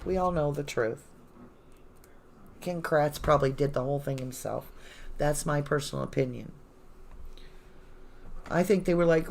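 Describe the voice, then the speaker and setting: Low-voiced woman, sarcastic true-crime host. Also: moderate pace, a little mellow. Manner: sarcastic, indignant asides. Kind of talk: live reading of court papers with commentary. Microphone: phone.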